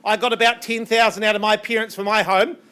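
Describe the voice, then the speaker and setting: A man working as an auctioneer, calling bids in a brisk, coaxing patter with banter, his voice strained and getting worn. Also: high voice, little pitch movement, sharp tone, smooth. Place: auction room.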